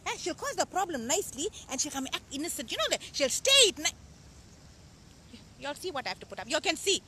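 A woman playing a loud, bossy middle-aged aunty who hosts her own show, chatting and teasing, outdoors at a beach. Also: high-pitched, expressive, fast talker, a little hiss or hum. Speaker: show host.

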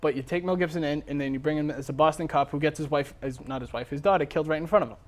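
A man's voice: fairly high pitch, rapid-fire. A man co-hosting a casual movie debate show, joking and sarcastic as he argues his picks. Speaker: co-host.

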